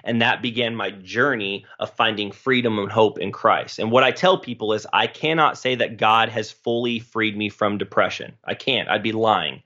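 A man's voice: lowish voice, moderate pace, few pauses, sharp tone. A man in his late twenties telling his personal story as a podcast guest, earnest and emotional, with phrases tumbling over each other. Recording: dull lo-fi recording.

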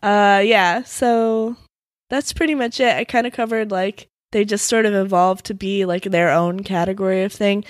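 A woman co-hosting a podcast, sleepily retelling folk tales and padding them with fillers. Her voice sits at an ordinary pitch for a woman, and the recording is dry and close. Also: steady tone, normal speed, no room sound. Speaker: podcast co-host. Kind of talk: casual storytelling chat.

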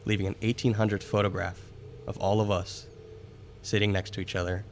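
A man with a low voice reads a ghost story aloud to friends on a podcast. His delivery is dramatic, with some stumbles over words. The tone is plain and unhurried. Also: level tone, slight background noise. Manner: dramatic reading with occasional stumbles. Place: room with friends, candle lit.

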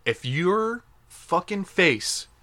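A man's voice: high voice, very animated, very slow, sharp tone. A young man hosting a casual podcast, chatting loosely with friends, swearing and laughing often. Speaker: podcast host.

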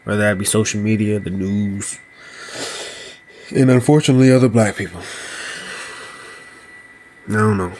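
A man hosting a solo podcast, talking slowly and loosely, often asking "you know what I mean". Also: fairly low pitch, darkish tone, slight background noise. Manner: slow, thoughtful delivery with small laughs. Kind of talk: casual solo podcast monologue.

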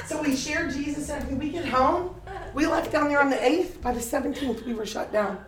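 An older woman preaching a sermon, telling lively stories with laughter in a preaching cadence. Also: sits high, moderate pace, a crowd in the background. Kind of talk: sermon with storytelling. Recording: echoey room picked up from a distance.

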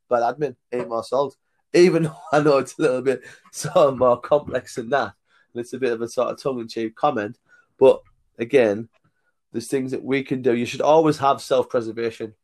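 A man speaks at an ordinary middle pitch, blunt and plain-spoken. He tells stories in a loose podcast chat, acts out what others said, and laughs between his points. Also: a little mellow. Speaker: guest, outdoor tour leader. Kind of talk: casual podcast storytelling.

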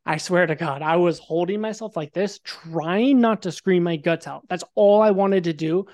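This is a high-pitched male voice at a normal pace, belonging to a young podcast guest. His storytelling is lively and relaxed, full of swearing, and he performs other people's lines as he quotes them.

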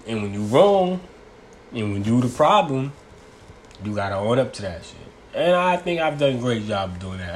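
Young male vlogger from New York, laid-back and rambling, slangy delivery, mid-pitched voice, faint noise underneath. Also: sing-song, moderate pace. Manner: loose, rambling, slangy talk with laughs. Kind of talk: casual chat.

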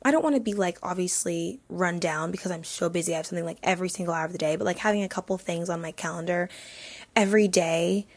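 A woman's voice: fairly low pitch, fast talker, husky. A young woman in her twenties hosting a casual solo podcast, chatty and filling her talk with "like". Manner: chatty, heavy use of "like". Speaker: podcast host.

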